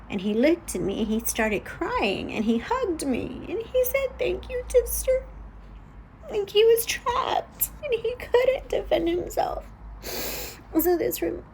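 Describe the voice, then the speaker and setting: A woman sharing a personal spiritual vlog, earnest and emotional, halting with many restarts. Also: fairly high pitch, slight background noise, rough recording. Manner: earnest, pleading. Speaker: spiritual content creator.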